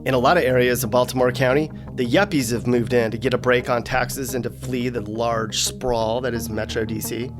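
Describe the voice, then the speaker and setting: A man hosting comedic scripted narration with sarcastic, deadpan asides. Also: mid-range voice, normal speed, hardly any pauses, over music. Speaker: host.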